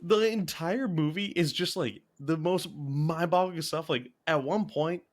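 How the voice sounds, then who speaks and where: A man with a fairly high voice co-hosts a casual movie-review chat, piling on sarcastic, rambling mockery full of "like"s. His delivery is loose and conversational. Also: a little slow. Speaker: podcast co-host.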